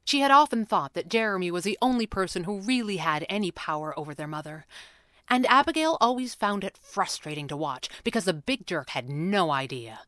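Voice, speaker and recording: A woman narrating a children's story aloud, expressive and voicing each character. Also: lowish voice, brisk, no room sound, clean studio sound. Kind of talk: audiobook narration.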